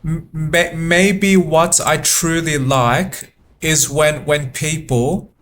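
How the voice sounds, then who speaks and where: Thinking aloud as he plays, a man offers laid-back let's-play commentary, halting and repeating words in a fairly high voice at an extremely slow pace. A slight hiss or hum and faint room ambience can be heard in the background.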